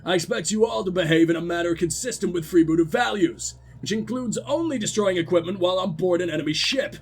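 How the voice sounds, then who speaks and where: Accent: Cockney. Figure: a man doing a gruff coach. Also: high-pitched, fast, slight background noise. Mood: stern. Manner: stern, lecturing, attempting American gruffness. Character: gruff male sports coach lecturing his team.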